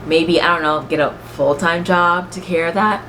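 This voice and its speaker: A woman's voice: lowish voice, fairly even intonation, moderate pace, fairly bright tone, a little hiss or hum. A woman vlogger giving a blunt, profane, sassy recap of a reality show in casual chat.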